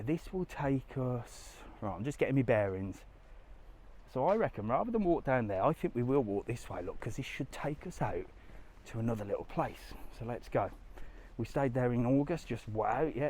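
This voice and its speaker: A man's voice: mid-range voice, dark tone. Chatty man vlogging on a walk. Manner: chatty, talks to viewers while walking. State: out of breath from climbing stairs. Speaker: travel vlogger. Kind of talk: live walking vlog. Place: outdoors on a hillside walk.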